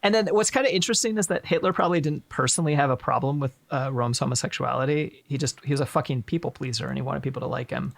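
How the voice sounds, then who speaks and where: A man hosts a relaxed history chat with a gravelly, creaky voice. He swears freely and throws in wry asides, recorded dry and close with mid-range pitch. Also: fast, few pauses, dry recording. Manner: irreverent, profane, joking asides. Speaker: stream host. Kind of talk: casual history chat on a live stream.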